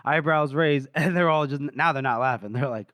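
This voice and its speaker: Man, podcast co-host, chatty, fairly high voice, dry close sound. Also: normal speed, a bit bright, dry recording. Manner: chatty, retells scenes with laughter. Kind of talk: casual book discussion.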